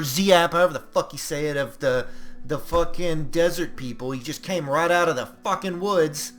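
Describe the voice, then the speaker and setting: A man's voice: a little high, very animated, unhurried, fairly bright tone. A man hosting a let's play, commenting on the game in rambling, heavily profane rants. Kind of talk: gaming commentary. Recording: game music playing behind.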